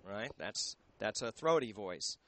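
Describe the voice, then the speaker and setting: Guy talking about voice training on a handheld mic, halting, keeps hunting for words. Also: lowish voice, animated, a bit bright, a little hiss or hum. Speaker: voice teacher. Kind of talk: explaining and demonstrating singing in a radio interview. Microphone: handheld microphone.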